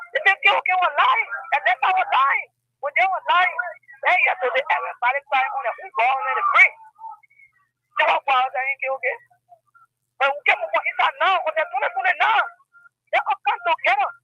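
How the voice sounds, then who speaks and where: A man's voice: very high-pitched, a little fast, sharp tone, no echo. A man calling in to a radio show, speaking with passion and repeating "okay, okay" as he goes. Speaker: caller. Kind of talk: impassioned call-in complaint. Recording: dull phone line.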